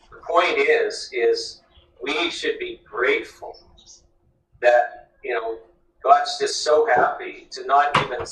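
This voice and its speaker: A man's voice: mid-range voice, fairly bright tone. A man casually retelling a parable as a guest, his talk full of "you know" and "like". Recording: echoey room, far from mic, faint noise.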